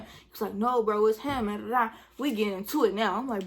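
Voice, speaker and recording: Woman vlogger, casual storytime, slangy and filler-heavy, animated delivery. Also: medium pitch, fast talker, a little hiss or hum.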